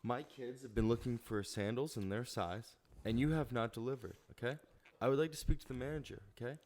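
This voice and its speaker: A man's voice: mid-range voice, brisk, darkish tone, slight background noise, pitched below the performer's own voice, lightly acted. A man voicing an entitled woman customer who scolds and demands the manager, tagging "okay?" onto his complaints. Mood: demanding.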